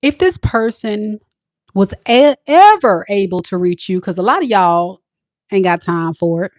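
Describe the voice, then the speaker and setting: A woman's voice: mid-range voice, expressive, a little slow, a little mellow, no room sound, studio quality. A woman tarot reader chatting playfully and teasingly to her viewers in a casual reading.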